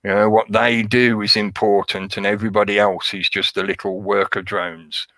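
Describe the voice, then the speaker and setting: A man's voice: lowish voice, flat delivery, moderate pace, pushed and bright, dry recording. A man hosting a live stream, rambling casually and sarcastically, laughing often.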